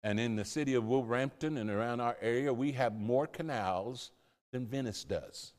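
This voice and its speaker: A man's voice: on the low side, a little mellow. An older American man, a missionary pastor, telling stories in a sermon style, rambling with many fillers and repeated words. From United States. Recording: long hall reverb.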